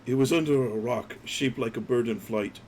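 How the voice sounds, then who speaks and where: A man voicing a dead traveler's spirit with a raspy voice, giving halting, grim testimony in a tabletop game. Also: mid-range voice, a little mellow, a little hiss or hum, close to an everyday voice.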